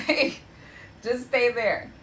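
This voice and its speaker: A young woman teaching a yoga class from home, giving gentle cues with chatty, encouraging asides. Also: fairly high pitch, very slow, slight background noise, poor audio. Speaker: yoga instructor. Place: home practice space.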